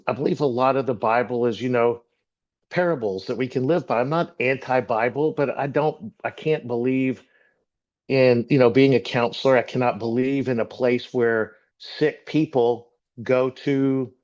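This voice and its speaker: Middle-aged man, heartfelt church testimony, rambling, mid-pitched voice, slightly muffled recording. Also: a little mellow. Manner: earnest, rambling, emotional storytelling with restarts. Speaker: church member sharing testimony. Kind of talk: personal testimony talk.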